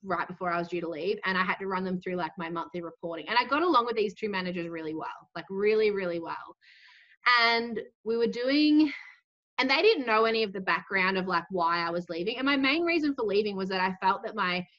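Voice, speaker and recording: A woman's voice: mid-range voice, fairly quick, dull audio. A woman in her twenties with an Australian accent, telling a story in casual podcast chat, saying "like" constantly. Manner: chatty, heavy use of "like".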